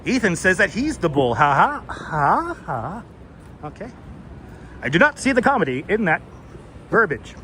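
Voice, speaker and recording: A man with a Brooklyn accent hosting a casual live-stream walking tour, joking and swearing as he chats with viewers. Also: high voice. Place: outdoors on busy city streets. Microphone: wireless clip-on mic. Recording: loud city street noise.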